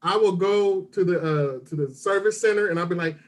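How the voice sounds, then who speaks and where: A man's voice: sits high, a little fast. A man co-hosting a casual podcast over a video call, joking and teasing and often repeating himself. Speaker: podcast co-host.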